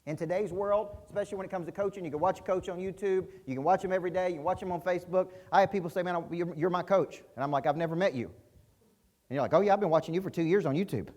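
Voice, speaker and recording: On a conference hall stage, a middle-aged man delivers an intense, punchy business-coaching keynote, frequently quizzing the audience. His voice sits high with a darkish tone, and he speaks quickly.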